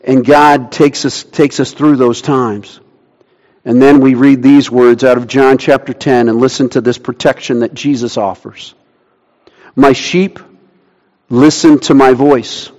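A man preaching an earnest sermon, slowing down to read scripture aloud. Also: medium pitch, steady tone, a little mellow, muffled recording. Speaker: pastor. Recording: long reverb of a church hall.

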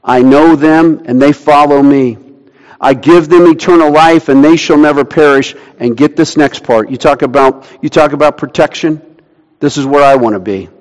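Man preaching in a reverberant hall. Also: on the high side. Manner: earnest preaching, slowing down on scripture quotes. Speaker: pastor. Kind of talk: sermon. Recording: long reverb of a church hall.

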